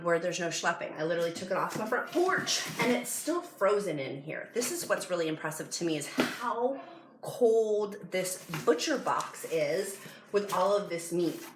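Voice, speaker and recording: A woman with a fairly low voice gushes excitedly through a casual unboxing at home. The room rings with echo, and a steady hiss of noise sits under her voice. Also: normal speed. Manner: gushing and excitable. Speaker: product review vlogger. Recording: echoey room with background noise.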